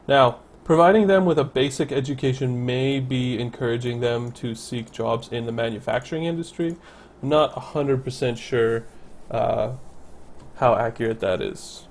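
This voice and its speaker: A man's voice: medium pitch, normal speed. A man casually commenting on his city-building game, thinking aloud and correcting himself as he goes. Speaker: let's play commentator.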